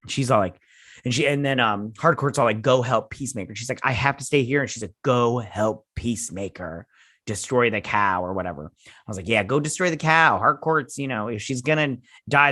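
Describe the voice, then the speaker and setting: A man's voice: mid-range voice, no room sound, studio quality. A man hosting a show, casually recapping a TV episode in a rambling way, acting out the characters' lines and sounding a bit tired. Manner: rambling, animated retelling with acted-out quotes. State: tired, yawning. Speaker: host.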